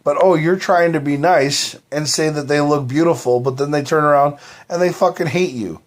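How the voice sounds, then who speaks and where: A man on a live stream rambles on at length, swearing freely and leaning heavily on fillers like "you know" and "like." His voice is a little high and his speed normal.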